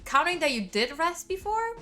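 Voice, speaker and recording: A woman's voice: very high-pitched, big pitch swings, moderate pace, bright, forceful tone, soft background music. A woman with an Italian accent, a native Italian speaker, chatting casually with her stream viewers, laughing often and swearing freely. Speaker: livestreamer.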